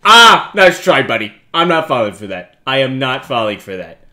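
A young man giving jokey, self-mocking let's-play commentary on a horror game, yelping and shouting at the scares. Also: medium pitch, big pitch swings, moderate pace. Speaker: gaming YouTuber.

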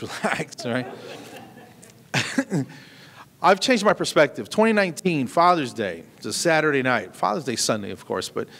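Man, middle-aged, stand-up comedian, animated storytelling, stage mic, long hall reverb. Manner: animated storytelling, jumping to high voices for punchlines.

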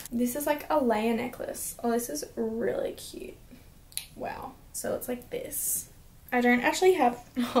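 Young woman, gushing haul vlog chat, slightly high voice, faint hiss. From Australia. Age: young adult. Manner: bubbly, gushing, chatty. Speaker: vlogger.

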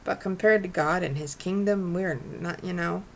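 A woman's voice: lowish voice, normal speed, slight background noise. A middle-aged woman vlogging in an earnest, rambling, preachy way. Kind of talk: casual heartfelt vlog rant.

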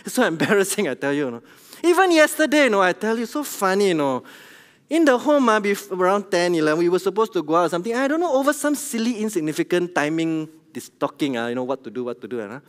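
A middle-aged man with a Singaporean English accent, preaching a church sermon in an animated, conversational way and asking the congregation questions. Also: high voice, fast talker. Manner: animated, conversational, tells jokes at his own expense, asks the congregation questions. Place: large church hall. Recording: long hall reverb.

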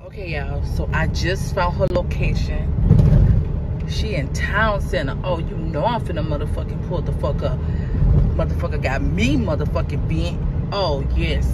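A woman vents to her viewers from behind the wheel, heated, cursing and threatening. She keeps addressing the camera directly. A loud rumble of car and road noise runs under everything she says. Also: moderate pace. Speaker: vlogger confronting her husband. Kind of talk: angry profane talk to viewers while driving. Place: inside a moving car. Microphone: phone camera in the car. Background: road and engine noise.

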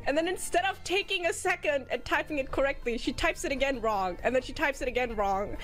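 Very high, lively, giggly woman streamer. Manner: playful, giggly, teasing. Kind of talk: casual stream chat.

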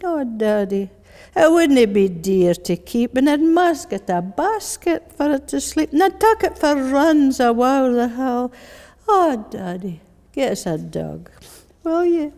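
A woman's voice: high voice, very animated, unhurried, mellow, pitched above the performer's own voice, full character voice. A woman voicing a small boy with a Glasgow accent who pleads with his father for a dog, in a wheedling sing-song. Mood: pleading. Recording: long reverb of a large hall.

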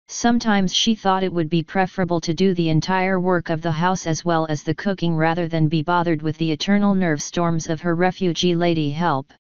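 A woman reads an audiobook in a steady, measured way. Her voice is lowish and very clear, recorded dry and close with no room around it, though the sound is a little dull and lo-fi. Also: no echo. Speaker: audiobook narrator. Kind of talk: scripted narration.

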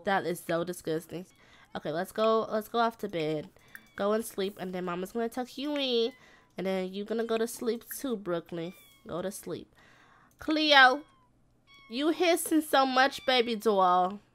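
Woman, mid-pitched, casual gaming commentary, mothering her characters. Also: normal speed. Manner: chatty, slangy, scolds and coos at her game characters like a mom. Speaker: gaming video creator.

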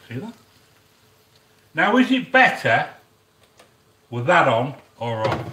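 A chatty middle-aged man hosts a cooking live stream with a bright, lively, swooping voice. He keeps talking to his viewers as he works at the cooker. He is heard from a little way off in an echoey kitchen, with a quiet sizzle of frying behind him. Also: a little high, far from the mic. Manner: chatty, talks straight to viewers, gives shout-outs. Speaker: cooking channel host. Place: home kitchen. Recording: echoey kitchen, speaker off-mic. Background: frying and sizzling in the pan.

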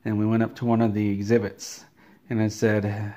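A man telling an absurd comic story in a deadpan, rambling way. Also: fairly low pitch, a little fast. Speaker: comedy vlogger.

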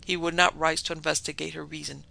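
A man narrating a classic horror story in a measured, dramatic storytelling manner. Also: on the high side, level tone, vocal fry, sharp tone, poor audio.

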